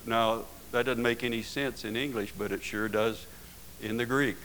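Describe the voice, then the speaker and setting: A man's voice: medium pitch, steady tone, normal speed, a bit bright, poor audio. A man preaching a sermon in a folksy way, often ending his points with tag questions and rising into emphatic bursts.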